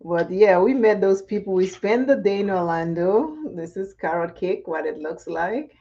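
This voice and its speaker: A woman's voice: mid-range voice, moderate pace, mellow. A woman chatting casually and laughing often while she does her makeup for a vlog. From Caribbean. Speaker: makeup vlogger. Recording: dull lo-fi sound.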